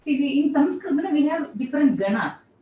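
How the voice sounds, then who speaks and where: A woman's voice: high-pitched, animated, normal speed, lo-fi sound, a little hiss or hum. A woman professor, giving a classroom lecture and patiently repeating terms as she explains. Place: lecture room. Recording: echoey room, voice from far off.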